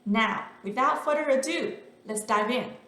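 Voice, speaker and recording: A woman teaching a beginner Mandarin lesson, speaking slowly and carefully and drawing out each sound she demonstrates. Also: on the high side, echoey room. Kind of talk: online language lesson.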